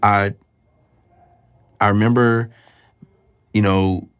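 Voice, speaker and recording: A man telling his personal faith testimony in a reflective, halting, emotional way. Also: lowish voice, flat delivery, clean tone, no echo. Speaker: guest sharing his testimony.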